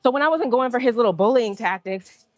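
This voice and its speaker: A woman telling a story on a livestream in an indignant, animated way, acting out what people said. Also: a little high, fast, faint music behind. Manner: indignant, animated, acts out quotes. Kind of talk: casual storytelling rant.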